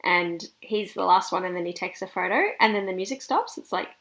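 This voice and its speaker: Female podcast co-host, creaky voice, playful and chatty. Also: on the low side, fairly bright tone. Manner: chatty, quick to laugh and tease. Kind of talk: casual chat about films.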